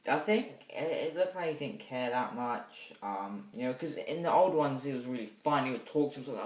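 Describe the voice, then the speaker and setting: A young man reviewing a movie in a rambling, hesitant way, with sudden loud bursts of excitement. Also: mid-range voice, moderate pace. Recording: echoey room, mic set back.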